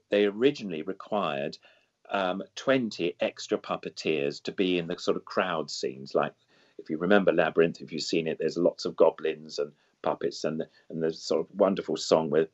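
An older man, a guest puppeteer, reminiscing in an interview, enthusiastic and full of superlatives, wandering off on side paths and back. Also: sits low. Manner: digressive, loses then regains the thread. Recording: dull lo-fi sound.

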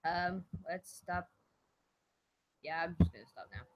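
A young woman with a hoarse, ill voice, chatting casually and self-deprecatingly while she draws. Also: on the low side, big pitch swings, unhurried, no echo, low-quality recording. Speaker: vlogger drawing on stream. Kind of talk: casual solo commentary while drawing.

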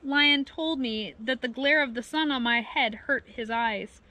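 A woman's voice: high voice, a little slow, sharp tone, low-quality recording. A woman voicing an aggrieved, long-legged male marabou stork who complains. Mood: complaining.

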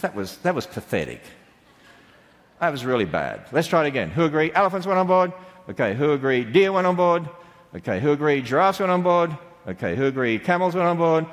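A middle-aged Australian man with a fairly high, sing-song voice speaks briskly, giving a playful church talk to children and quizzing them on the answers. He's in a large church hall, and the recording carries long hall reverb.

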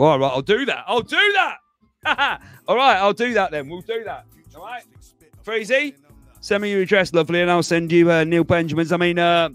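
A man hosting a livestream, chatting casually to viewers, rambling and laughing as he goes. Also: a little high. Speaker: livestream host.

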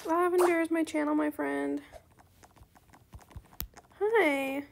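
Woman, casual game commentary host, high voice with gravelly fry, chatty with excited squeals. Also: slow, background noise. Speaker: gaming channel host.

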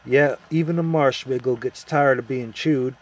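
A man's voice: mid-range voice, steady tone, moderate pace, close to an everyday voice. A man voicing a gloomy male marsh creature who speaks in a blunt, grumbling, folksy way. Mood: gruff.

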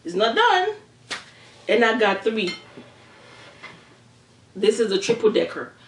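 A woman's voice: fairly high pitch, big pitch swings, slow pace, recorded from a distance, slight background noise. A woman with a Nigerian Yoruba accent hosts an eating show in a playful, chatty way, talking straight to her viewers. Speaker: mukbang host. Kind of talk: casual eating-show chat. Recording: roomy echo, voice off-mic.

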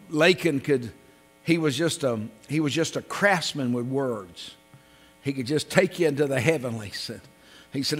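Pastor guy preaching, kinda high voice, big church echo, slow loud scripture bits then quiet praying, faint hum. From came to North Carolina at seventeen. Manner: emphatic preaching, swelling loud on scripture and dropping soft in prayer. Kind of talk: sermon. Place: church sanctuary. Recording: long reverb of a church hall with a low mains hum.

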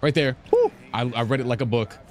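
A man's voice: mid-range voice, wildly swooping pitch, quick pace. A young man commentating his own basketball video game play, taunting opponents and repeating phrases. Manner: trash-talking, repetitive, taunting. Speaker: gaming streamer.

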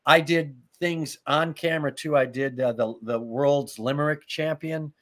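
Animated man telling comic stories. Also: on the high side, unhurried. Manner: laughs through his stories, acts out lines. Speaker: guest, comedy writer. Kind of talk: animated anecdotal storytelling.

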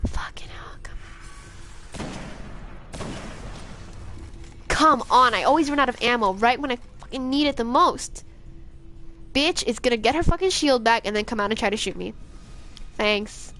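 A woman's voice: a little high, expressive, normal speed, pushed and bright. A young woman streaming a video game, cursing, panicking and taunting enemies as she plays. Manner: profane, jumpy, talks back to enemies. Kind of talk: live gameplay commentary.

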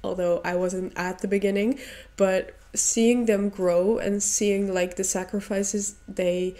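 A woman hosting a reaction video, talking in a soft, earnest and emotional way. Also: medium pitch, flat delivery, slow pace. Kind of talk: casual reaction commentary.

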